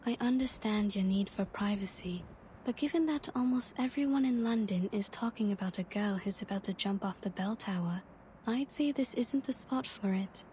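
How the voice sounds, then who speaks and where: A woman voicing a calm, composed fairy woman in a game, speaking in a measured way. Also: medium pitch, slight background noise, lightly acted. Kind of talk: game voice acting.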